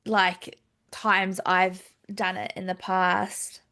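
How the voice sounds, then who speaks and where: A woman hosting a podcast, responding slowly and reflectively to her guest. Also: on the low side, level tone, pushed and bright. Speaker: podcast host. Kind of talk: conversational interview.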